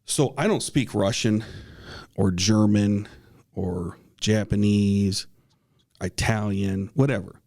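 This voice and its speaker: Low-voiced man telling a spooky story. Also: a little mellow. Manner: earnest, halting, many restarts and fillers; coughs now and then. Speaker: podcast co-host. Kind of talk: casual storytelling.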